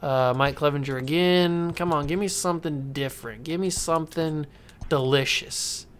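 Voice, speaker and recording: A man's voice: fairly high pitch, normal speed, smooth. A man casually commenting while playing a baseball video game, talking to himself and coaxing the game. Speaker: gaming YouTuber. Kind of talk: casual let's-play commentary.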